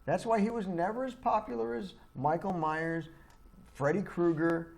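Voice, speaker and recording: A man's voice: high voice, steady tone, normal speed, gravelly, darkish tone. A man co-hosting a movie podcast, arguing his opinions bluntly in casual chat. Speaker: podcast co-host.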